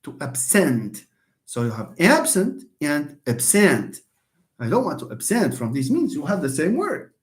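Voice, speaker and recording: A man teaching English word stress in an online lecture, drawing out words slowly and with emphasis. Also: fairly high pitch, huge pitch swings. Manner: slow, emphatic, drawn-out words.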